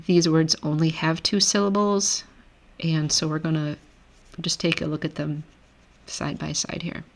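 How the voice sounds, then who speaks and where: A woman teaching a recorded grammar lesson, explaining rules step by step in a relaxed way and correcting herself as she goes. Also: low voice, measured pace. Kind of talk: recorded lecture over screen.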